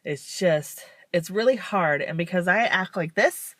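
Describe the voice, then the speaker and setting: A woman's voice: fairly low pitch, lively intonation, unhurried, fairly bright tone, dry recording. Weary, rambling woman vlogging, dry sound. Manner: rambling, with frequent self-deprecating laughs; weary, frank. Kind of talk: casual confessional vlog.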